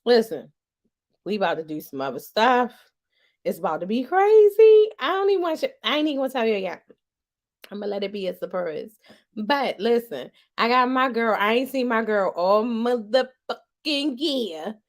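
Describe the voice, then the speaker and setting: A high-pitched woman hosts a live podcast stream. She talks loose and slangy, stretching words and hyping up the crowd. Her delivery stays playful and chatty throughout. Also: sing-song, moderate pace. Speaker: podcast host. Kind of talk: casual livestream chat.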